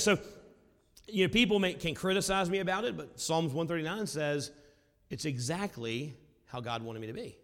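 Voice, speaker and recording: A male pastor preaching a sermon, with a loud, carrying voice that swings from booming to hushed. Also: expressive, brisk. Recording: long hall reverb.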